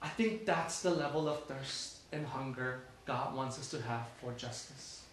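A man's voice: medium pitch, measured pace, a bit bright, slight background noise. Conversational man preaching in an echoey room. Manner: conversational storytelling, rhetorical questions. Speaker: pastor. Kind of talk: sermon. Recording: very echoey room, faint ambience.

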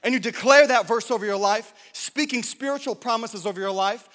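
A man with an extremely high, brisk voice preaches, spinning a story laced with jokes and repeated self-interruptions until he moves to exhortation. Long hall reverb surrounds his animated, joking delivery.

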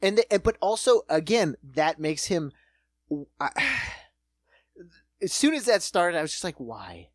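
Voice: mid-range voice, animated, a little slow, dry recording, studio quality. A podcast co-host ranting in casual, profane, exasperated chat.

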